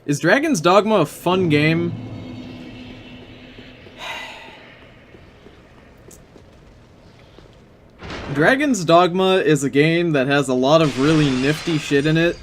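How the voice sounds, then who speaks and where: A man commenting on his own game session, sarcastic and quick to swear when he loses. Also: on the high side, slight background noise. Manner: swearing, sarcastic, easily frustrated. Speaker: gaming channel host. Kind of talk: let's play commentary.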